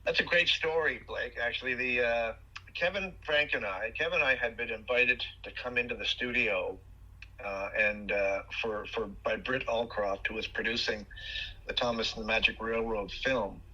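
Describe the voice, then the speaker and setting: A man guest on an interview podcast, telling animated stories about his acting work with many fillers and restarts. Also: medium pitch, moderate pace, highs cut off. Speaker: guest actor.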